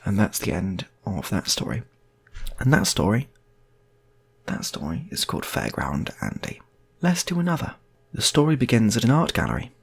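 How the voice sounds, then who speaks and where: A man's voice: on the low side, wildly swooping pitch, normal speed, gravelly, pauses often, breathy edge. A man improvising comic stories in a rambling, laid-back way, repeating himself. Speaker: storyteller.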